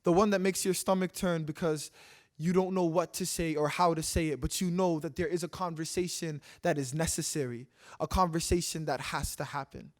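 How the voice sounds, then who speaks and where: Young man, from Canada, high voice, earnest public talk, rhythmic repetition, stage microphone. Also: steady tone, brisk. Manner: earnest, rhythmic, repeating lines for emphasis. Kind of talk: spoken-word poetry and impassioned public talk. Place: live stage talk in a city hall.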